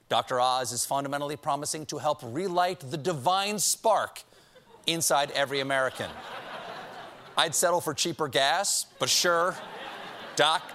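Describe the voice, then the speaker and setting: A man's voice: a little high, a bit bright, a little hiss or hum. A man hosting a late-night show, delivering a comedic monologue with punchy jokes and sarcastic asides. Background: studio audience laughing.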